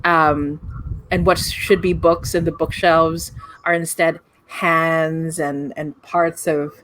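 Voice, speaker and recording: A woman running a tabletop game as game master, painting scenes in long descriptive runs. Her voice sits on the low side, and she leans on "like" and "right?" as she goes. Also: level tone, takes it slowly, fairly bright tone, dry recording. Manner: descriptive, filler-heavy with "right?" and "like".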